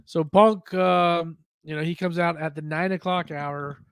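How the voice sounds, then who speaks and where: A man's voice: on the high side, steady tone, unhurried, clear, resonant tone, dry recording, studio quality. A man hosting a casual wrestling chat podcast, often stammering and restarting his sentences. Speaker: podcast host.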